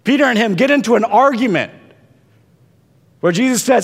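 A man preaching a sermon, building to intense peaks and dropping to hushed, quiet passages. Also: very high-pitched, expressive, normal speed, long pauses, slightly rough, in a large hall. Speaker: pastor.

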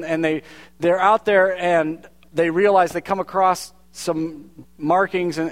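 A man preaching a sermon to his congregation in an earnest, conversational way, often restarting his words. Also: a little high. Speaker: pastor.

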